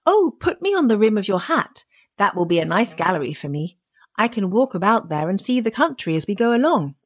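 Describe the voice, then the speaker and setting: A woman's voice: medium pitch, very animated, a little fast, slightly rough, dry recording, clean studio sound. A woman voicing a tiny, mischievous boy hero in an audiobook, with a perky, cheeky manner. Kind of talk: audiobook character reading.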